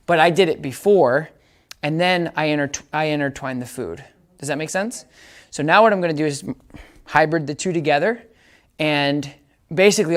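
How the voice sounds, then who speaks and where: A man with a fairly high voice gives a casual dog training demonstration. He explains each step and often checks that listeners are following.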